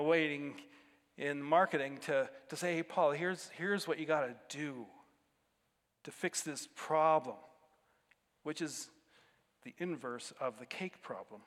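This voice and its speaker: High-voiced man preaching in a reverberant hall. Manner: conversational, animated with bursts of emphasis. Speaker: pastor. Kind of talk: sermon.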